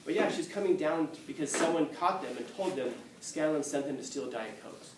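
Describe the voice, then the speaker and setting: Against a noisy background, a man on the high side speaks at normal speed while teaching. His lecture is packed with animated stories, acted-out quotes and frequent laughs, captured from a distance in an echoey classroom.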